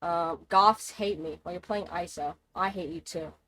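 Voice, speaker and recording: A woman's voice: on the low side, moderate pace, a bit bright, slight background noise. A woman streaming a game live, chatting in a rambling, casual way and swearing freely. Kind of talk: casual gaming livestream chat.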